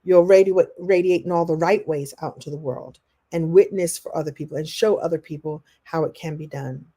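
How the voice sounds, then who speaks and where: Mellow-voiced woman coaching a live class. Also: deep voice, fairly quick, husky. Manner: animated, acts out quoted voices; reads and answers viewer comments. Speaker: motivational coach. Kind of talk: live online masterclass.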